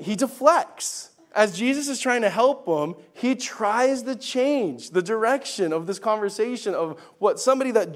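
A male pastor preaching a sermon in a chatty, animated way with laughing asides. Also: high voice.

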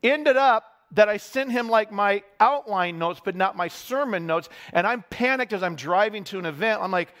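A man's voice: sits high, moderate pace, hardly any pauses, fairly bright tone. A man preaching a sermon, telling candid, self-deprecating stories to his congregation.

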